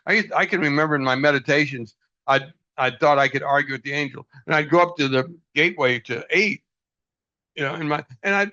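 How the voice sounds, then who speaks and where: An earnest man leading a group over a video call, his voice dull and lo-fi with little room sound. He speaks at a middling pitch, laughs often and acts out little exchanges as he tells a story. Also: bright, forceful tone, no echo. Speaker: group leader. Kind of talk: casual group talk.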